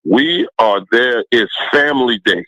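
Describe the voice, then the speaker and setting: Middle-aged man, lively swinging voice, dry sound, laughing storyteller, guest on a call. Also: mid-range voice, unhurried, dry recording, lo-fi sound. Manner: animated, laughing storyteller with colloquial speech. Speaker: guest, former football player. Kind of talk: casual storytelling.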